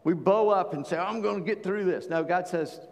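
A man's voice: high-pitched, moderate pace, in a large hall. A man preaching a sermon in a folksy, conversational way, with plain-spoken asides to his congregation. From Charleston, South Carolina. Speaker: pastor.

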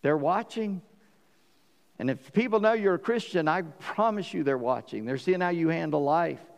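A pastor preaching to his congregation, his voice sitting high for a man. He tells the story with animation and slips into the voices of the people in it. The sound carries a long reverb from a large hall. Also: lively intonation, moderate pace, creaky. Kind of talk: sermon.

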